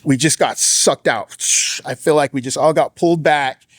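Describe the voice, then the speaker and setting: A man's voice: normal speed, no echo. Man telling a personal story. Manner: earnest, casual storytelling with many restarts; acts out quoted voices with raised pitch. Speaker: former sheriff's deputy sharing testimony.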